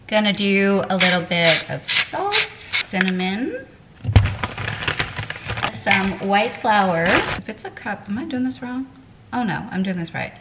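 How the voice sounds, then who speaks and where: She has a slightly low voice and a casual, encouraging way of talking to her viewers. The faint hiss of a home recording sits behind her. She is a young woman cooking in her kitchen. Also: fairly bright tone, reverberant. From Quebec, Canada. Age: 20s. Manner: upbeat, encouraging, playful asides. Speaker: eating disorder recovery coach and vlogger. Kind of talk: casual cooking vlog talk to camera.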